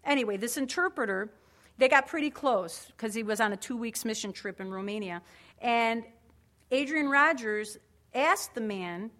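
A woman delivers a sermon with earnest emphasis, her voice sitting a little higher than most. She leans hard on key words, then drops into easy conversational asides as if speaking directly to the congregation. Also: expressive, moderate pace, a bit bright. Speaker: preacher.

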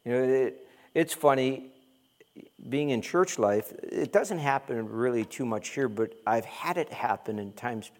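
A man's voice: medium pitch, measured pace, a little mellow. A man preaching a conversational sermon as pastor, joking and mimicking complaining churchgoers.

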